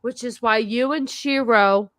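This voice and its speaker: A woman's voice: a little high, a little slow, fairly bright tone, dry recording. Tipsy, teary woman rambling. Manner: emotional, rambling, repeats herself. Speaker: podcast host. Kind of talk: casual drunk chat on a stream.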